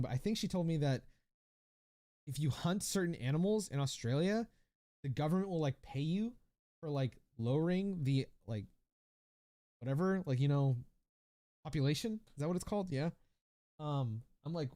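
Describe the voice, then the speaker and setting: A man's voice: fairly high pitch, expressive, moderate pace, long pauses, dark tone. A young man in his twenties chatting on a casual livestream, rambling with lots of swearing, fillers and restarts as he reads viewer comments. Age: 20s.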